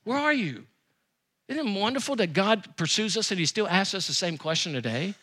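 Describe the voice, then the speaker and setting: A man preaching a sermon as pastor, with emphatic repetition and quick rises and drops. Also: high-pitched, very animated, a bit bright.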